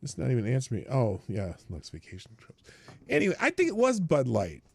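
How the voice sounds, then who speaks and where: A middle-aged man from Nebraska hosting a live morning stream, rambling casually and breaking into loud excited outbursts. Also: medium pitch, fairly quick, creaky, breathy edge, no echo.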